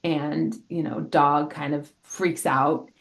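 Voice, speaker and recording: A middle-aged woman, an elementary school health educator, explaining in a lively way with examples in a casual interview. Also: low voice, slow, vocal fry.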